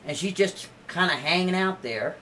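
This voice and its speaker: High-voiced man telling a casual story. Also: animated, normal speed, pushed and bright, a little hiss or hum. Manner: chatty, conversational, swings his pitch up for emphasis.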